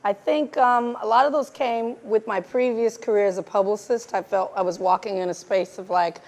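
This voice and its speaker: A woman from South Los Angeles, a guest filmmaker answering questions in a live conversation, animated and laughing often as she acts out conversations. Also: mid-range voice, moderate pace, few pauses. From South Los Angeles, USA.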